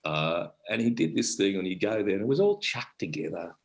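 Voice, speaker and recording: On a rough recording, a middle-aged Australian guest actor tells stories in a warm, rambling, conversational manner, breaking off sentences often. His lowish voice has vocal fry, a sing-song lilt and a slightly fast pace.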